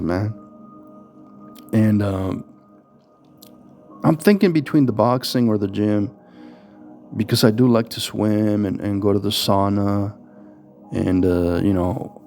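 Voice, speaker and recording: A man's voice: fairly low pitch, animated, measured pace, long pauses, a little mellow, faint music behind. A man talking casually to camera in a rambling vlog, with lots of fillers and restarts. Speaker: vlogger.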